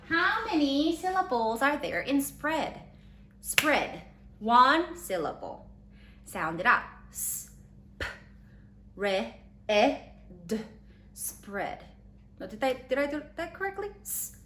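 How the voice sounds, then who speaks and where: A woman teaching a third-grade spelling lesson, slowly sounding out letters and giving encouraging praise. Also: high voice, pushed and bright, slight background noise. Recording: echoey room with faint ambience.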